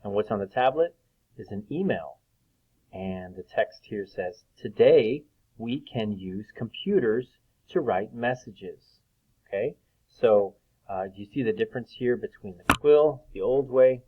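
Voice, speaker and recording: A man teaching a reading lesson to young children, speaking slowly and patiently, sounding out letters and often clearing his throat. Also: fairly low pitch, animated. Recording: tinny phone-like recording.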